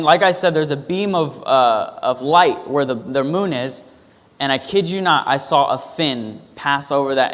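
A man preaching a sermon in a hall with a long echo. His voice sits a little high for a man. He talks loosely and personally, with fillers and restarts as he tells a story. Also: fairly bright tone. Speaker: pastor.

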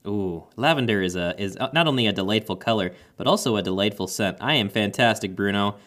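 Fast and fairly bright, this fairly low male voice belongs to a thirtysomething gaming podcast co-host. He's friendly and rambling in casual chat, with lots of fillers and restarts.

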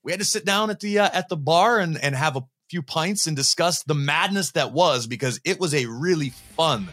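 Bright-voiced man hosting a chatty podcast. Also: on the high side, expressive, normal speed. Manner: playful teasing banter. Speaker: podcast host. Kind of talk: casual chat.

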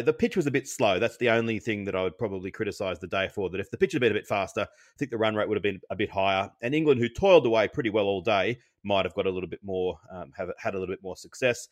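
A man's voice: lowish voice, fast talker, no echo, clean studio sound. A man co-hosting a podcast, giving a chatty cricket analysis broken up by frequent ums and restarts. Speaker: co-host.

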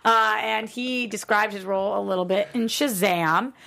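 A woman's voice: mid-range voice, normal speed, vocal fry, sharp tone. A woman co-hosting a casual movie news chat, teasing her partner and reading quotes aloud. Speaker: co-host.

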